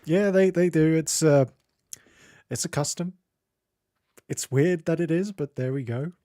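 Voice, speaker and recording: A Scottish man hosting a casual stream chat, joking and poking fun at himself. His voice is mellow and dark. The sound is dry and close. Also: fairly high pitch, unhurried, no room sound. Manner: jokey and self-mocking, laughs often. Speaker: streamer host.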